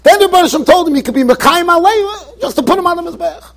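A man's voice: very high-pitched, expressive, quick pace, fairly bright tone. A man, a rabbi, giving an emphatic yeshiva Torah lecture, mixing Yiddish and Hebrew terms into his English. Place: yeshiva study hall.

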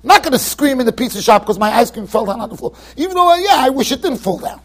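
A man with a Yeshivish American accent giving a lively Torah lecture in a yeshiva study hall, acting out his examples with sudden shouts. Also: very high voice, fast talker. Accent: American Orthodox Jewish, Yeshivish. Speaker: rabbi giving a Torah class.

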